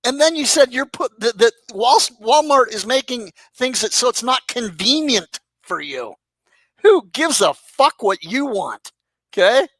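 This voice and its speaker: A man's voice: extremely high pitch, very animated, a little slow, fairly bright tone, dry recording. A man ranting in a mocking, sarcastic roast full of swearing, aimed at another online personality. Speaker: commentary YouTuber. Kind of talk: profane roast rant.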